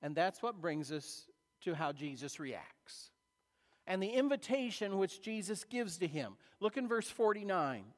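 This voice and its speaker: A man preaching a sermon as a pastor, retelling a story in a conversational way with dramatic pauses. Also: sits high, big pitch swings. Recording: long reverb of a large hall.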